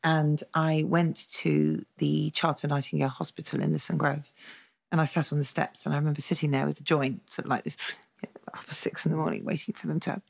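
A middle-aged woman tells her story in an interview, speaking bluntly, swearing freely and laughing often. Her voice has a gravelly, creaky edge, and she slips into the voices of the people she quotes. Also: deep voice, fairly even intonation, brisk. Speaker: therapist, interview guest. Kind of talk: candid storytelling in a conversational interview.

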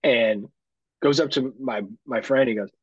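A man co-hosting a podcast, telling a story in casual chat, animated and full of swearing. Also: medium pitch, a little slow, slightly rough, no room sound. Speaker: podcast co-host. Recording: dull lo-fi sound.

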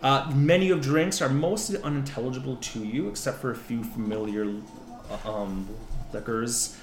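A man's voice: mid-range voice, normal speed, roomy sound, slight background noise. A man narrating a tabletop game as game master, rambling with lots of restarts and fillers.

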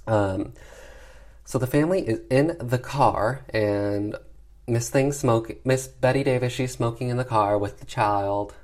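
A man at an average pitch talks through a movie plot in a loose, chatty way. He's sassy and playful, leaning on filler words as he goes. Now and then he drops into quick impressions of the characters. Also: a little mellow. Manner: acts out characters' lines in quick voices. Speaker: film reviewer. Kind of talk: casual movie recap.

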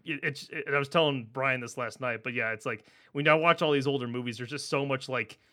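A man's voice: medium pitch, brisk, bright, forceful tone. A man co-hosting a casual film podcast, loose and swearing freely with many restarts. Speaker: podcast co-host.

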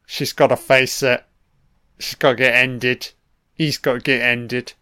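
A man's voice: mid-range voice, level tone, a little slow, pushed and bright, smooth, dry recording, studio quality. A man giving a casual, blunt film commentary, swearing constantly and full of opinions.

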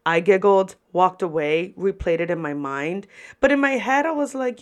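Animated young woman telling server stories. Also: moderate pace. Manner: animated, profane, lively pitch swings. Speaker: podcast host and restaurant server. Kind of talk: casual storytelling.

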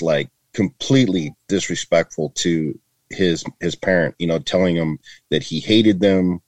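A middle-aged man speaks low in his register, earnestly and loosely, circling back and restarting his sentences. He is a retired border patrol agent in a casual interview. The sound is dry and close, with no room echo. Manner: earnest, rambling with many restarts and fillers.

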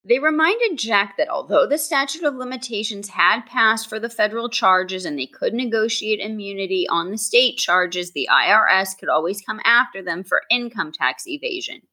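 A woman co-hosting a podcast, reading a scripted true-crime narration in a steady manner. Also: mid-range voice, normal speed, few pauses, rough recording. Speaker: podcast co-host.

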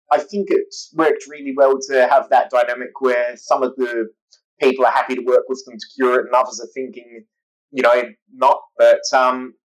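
A man's voice: mid-range voice, rough recording. A man co-hosting a casual podcast, giving long enthusiastic opinions in a flowing ramble. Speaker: podcast co-host.

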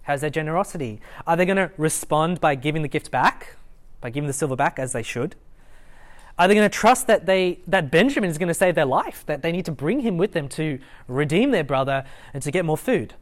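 Chatty teacher, mid-pitched. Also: animated, brisk. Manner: conversational, with many fillers and restarts and light chuckles. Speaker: student ministry Bible teacher. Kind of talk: casual expository Bible talk. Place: lecture room at a student meeting.

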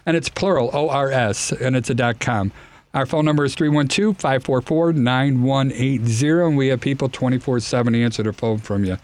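A man with a Chicago accent hosts a radio talk show. He talks in a brisk, friendly way, moving quickly through plugs and contact details. His voice sits in a middle pitch. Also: a little mellow, no echo.

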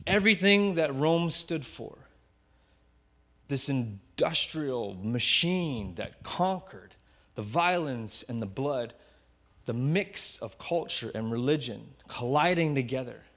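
Slow, storytelling male pastor. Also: medium pitch, expressive. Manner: vivid storyteller, drops to hushed tones for effect. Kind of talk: sermon retelling a Bible story.

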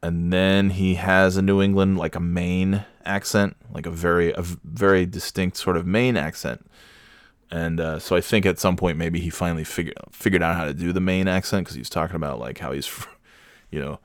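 A man's voice: low voice, fairly quick, no echo, studio quality. A man chatting casually about a movie, rambling and profane, mocking himself as he goes.

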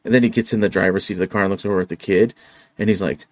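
A man co-hosting a casual podcast chat, retelling movie scenes with animated voices. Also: deep voice, rapid-fire, dry recording. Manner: animated storyteller acting out film lines. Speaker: podcast co-host.

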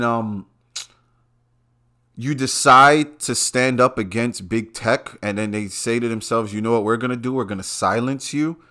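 A man hosting his own podcast, talking in a casual, profane rant that jumps suddenly louder and higher. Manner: animated, swearing, sudden loud jumps in pitch. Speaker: podcast host. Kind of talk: casual ranting monologue.

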